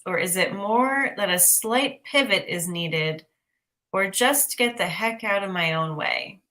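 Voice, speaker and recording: A woman's voice: medium pitch, sharp tone. A woman giving intuitive art readings on a livestream, upbeat and chatty, asking lots of rhetorical questions. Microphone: livestream mic.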